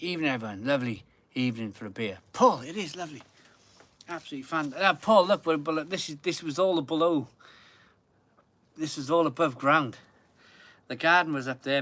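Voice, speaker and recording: A man hosts a live stream, talking casually and at length from his garden. His voice is bright and forward, recorded close and dry. He rambles and doubles back on his own words to stress them. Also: mid-range voice, no room sound. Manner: rambling, repeats phrases for emphasis. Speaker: beer channel host. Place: home garden.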